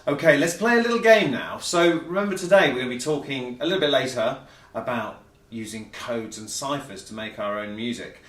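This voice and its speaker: A man's voice: medium pitch, lively intonation, a little fast, a bit bright. A man leading a children's music lesson, playful and cheerful, asking the young audience questions as he goes. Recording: echoey room, mic at a distance.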